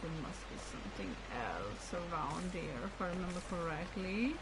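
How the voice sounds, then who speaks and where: A woman's voice: lowish voice, sing-song, normal speed, heavy background noise. A woman hosting a let's play, chatting enthusiastically and reading in-game text aloud as she plays. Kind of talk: gameplay commentary.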